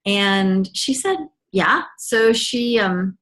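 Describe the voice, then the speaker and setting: A woman's voice: medium pitch, drawn-out words, fairly bright tone. A middle-aged woman gives a personal testimony as a mother, talking in a chatty, earnest way with frequent ums and restarts. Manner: earnest and enthusiastic.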